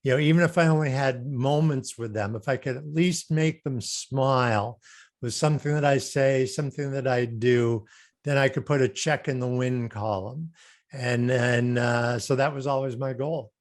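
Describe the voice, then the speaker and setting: A man's voice: mid-range voice, fairly even intonation, moderate pace. A middle-aged man speaking as an interview guest, earnest and conversational, often repeating and restarting words as he makes his point. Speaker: guest, customer service speaker. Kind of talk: casual interview chat.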